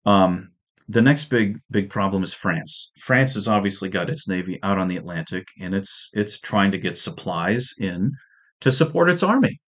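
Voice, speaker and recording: A man's voice: sits low, lively intonation, normal speed, fairly bright tone. A man giving a casual history lecture, conversational, with restarts and joking asides. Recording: dull lo-fi audio.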